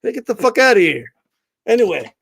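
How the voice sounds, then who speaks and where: Brash, high-pitched man ranting. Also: very animated, a little fast, creaky, a bit bright, breathy edge. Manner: brash, profane, mocks commenters in put-on voices. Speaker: boxing channel host. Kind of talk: animated livestream rant.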